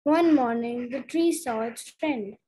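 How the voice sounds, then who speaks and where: A young girl reads a story aloud, slowly and carefully, stumbling and restarting now and then. Her voice is high but soft and mellow. A faint hiss and some clicks sit under it. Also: poor audio. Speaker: student. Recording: faint background noise and clicks.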